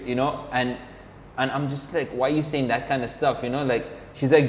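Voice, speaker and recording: A medium-pitched man speaks fairly quickly in a steady tone, spinning a loose, rambling story for a podcast he co-hosts. The motorcyclist fills gaps with "like" and "or whatever" and acts out quoted dialogue. The recording has a roomy echo and a faint background hum.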